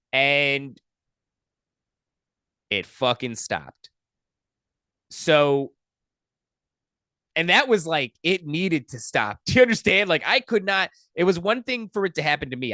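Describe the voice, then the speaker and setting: A young adult man, a podcast guest, telling a personal story in a profane, animated, casual way. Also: mid-range voice, no echo, clean studio sound.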